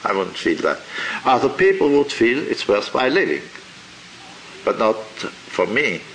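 A man teaching a religious class, lecturing in a deliberate, halting way and asking rhetorical questions. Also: mid-range voice, very animated, vocal fry, a little hiss or hum, low-quality recording.

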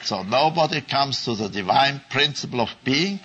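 A man giving a slow religious teaching talk, repeating phrases for emphasis and chuckling at his own asides. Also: mid-range voice, animated, pushed and bright, a little hiss or hum, low-quality recording. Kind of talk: slow explanatory Bible talk.

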